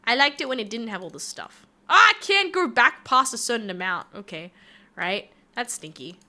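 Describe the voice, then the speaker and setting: A woman's voice: on the high side, big pitch swings, normal speed, sharp tone. A young woman VTuber chatting playfully with her stream chat while she draws. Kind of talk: casual live-stream chat.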